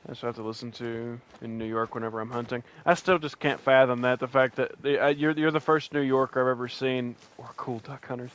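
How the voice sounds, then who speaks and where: A man with a West Virginian accent speaks fairly quickly in a mid-range, slightly bright voice, his intonation fairly even and with hardly any pauses; a little hiss or hum sits under the audio. He streams a hunting game, offering rambling, joking, casual commentary and restarting often.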